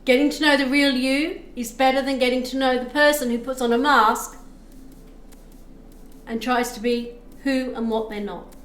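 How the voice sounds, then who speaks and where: A woman's voice: sits high, fairly even intonation, normal speed, fairly bright tone, a little hiss or hum. A woman giving a live tarot reading on stream, chatting with viewers and thanking them as she explains the cards. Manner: chatty, reads chat aloud, thanks viewers. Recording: echoey room with faint music.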